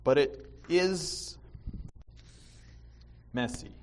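A man preaching a sermon in church, animated, with restarts and sudden bursts of loud emphasis. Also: a little high, extremely slow. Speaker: pastor.

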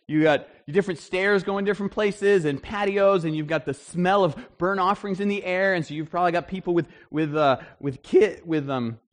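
A man preaching a sermon in a conversational, animated storytelling way, with frequent restarts. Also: sits high, moderate pace, few pauses. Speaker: pastor.

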